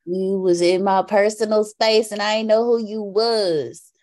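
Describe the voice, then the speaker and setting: A woman's voice: medium pitch, steady tone, unhurried, darkish tone. A woman on a video call telling a story in a casual, blunt, slangy way. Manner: blunt, slangy, matter-of-fact. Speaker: guest on a call.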